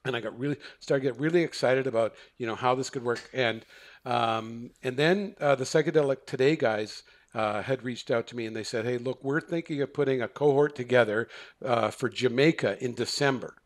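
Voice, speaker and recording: A man's voice: medium pitch, fairly quick. A middle-aged man, a counselor and podcast guest, telling a story conversationally, acting out quoted dialogue with many restarts and fillers. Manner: animated, acts out quoted dialogue.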